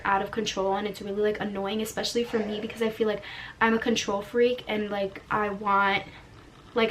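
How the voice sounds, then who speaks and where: A woman's voice: medium pitch, a little hiss or hum. A young adult woman telling a personal story in a casual, rambling vlog style, filling her speech with "like". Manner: chatty, filler-heavy, rambling. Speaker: vlogger.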